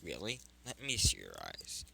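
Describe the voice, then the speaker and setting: A man voicing a calm, powerful young male hero in a fan story, speaking gruffly and softly. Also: low-pitched, normal speed, a little hiss or hum, exaggerated voice. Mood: friendly.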